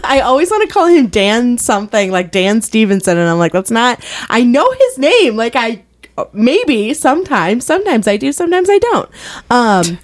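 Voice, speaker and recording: A woman's voice: on the high side, big pitch swings, normal speed, no room sound. A woman chatting casually about TV shows, full of filler words and laughter. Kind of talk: casual chat.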